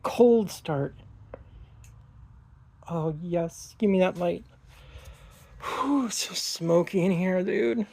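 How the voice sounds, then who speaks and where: A woman's voice: fairly low pitch, extremely slow, vocal fry, pauses often, dark tone, slightly rough. A woman working on her car in a garage, talking to herself and swearing in casual vlog narration. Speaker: car vlogger. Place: garage, indoors.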